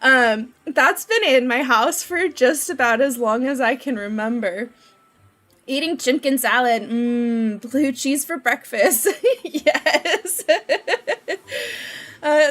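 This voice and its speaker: A woman's voice: high voice, expressive, unhurried, fairly bright tone. A young woman chatting casually on a game live stream, giggling often and wandering off on tangents.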